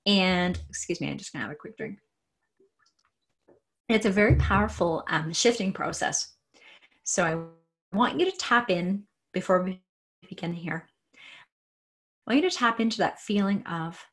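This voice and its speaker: A woman coach leads listeners through a tapping exercise, repeating single words slowly and softly. Her voice sits a little low and has a husky edge. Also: lively intonation. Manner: slow, repetitive guiding cues. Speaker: coach and trainer.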